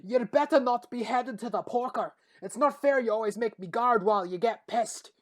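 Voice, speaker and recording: A woman voicing a gruff male dwarf guard who is blunt and says "aye". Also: low-pitched, moderate pace, natural voice. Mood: complaining. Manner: blunt, uses old-fashioned "aye".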